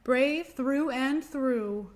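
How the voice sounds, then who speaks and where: A woman's voice: high-pitched, extremely slow, darkish tone. A woman doing a cheerful bear doctor.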